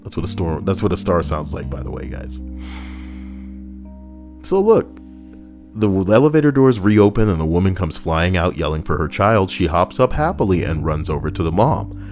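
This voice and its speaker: A man's voice: sits low, a little fast. A man streaming casually, reading stories aloud and joking sarcastically with his chat. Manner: animated, sarcastic, jokes with chat. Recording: soft background music.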